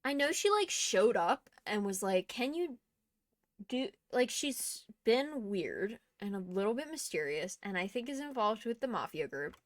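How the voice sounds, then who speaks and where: A woman's voice: medium pitch, very animated, normal speed, hardly any pauses, dry recording. A young woman streaming a game, chatting casually with laughing asides and the odd swear. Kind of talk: casual gaming commentary.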